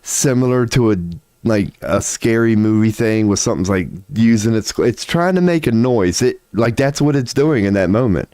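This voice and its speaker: A man livestreaming from home, telling a long story in a rambling, animated and profane way, laughing often. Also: on the low side, normal speed, no room sound. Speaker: livestream host.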